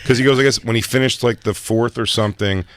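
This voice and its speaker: A man's voice: medium pitch, fairly even intonation, fast, fairly bright tone, dry recording. A man co-hosting a podcast in casual chat, telling a story with laughs and acted quotes. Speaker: podcast co-host.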